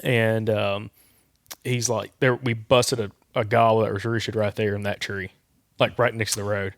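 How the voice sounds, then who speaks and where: A man hosting a podcast, telling a long story in a rambling, relaxed way. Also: lowish voice, moderate pace, no echo. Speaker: podcast host.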